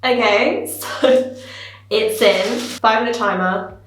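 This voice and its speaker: A woman's voice: a little high, takes it slowly, faint music behind. Chatty young woman, echoey bathroom. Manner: chatty and self-dramatizing, many "like" fillers. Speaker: beauty vlogger. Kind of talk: casual product review vlog. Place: bathroom at home.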